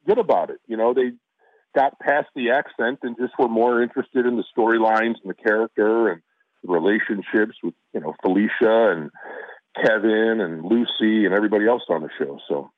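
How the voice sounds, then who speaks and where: Brief: man from Chicago, middle-aged, rambling anecdotes, lowish tone, dry close sound. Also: normal speed, dry recording. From Chicago, USA. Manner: relaxed storytelling with restarts. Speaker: actor guest. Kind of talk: casual interview chat. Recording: dry, phone-like line.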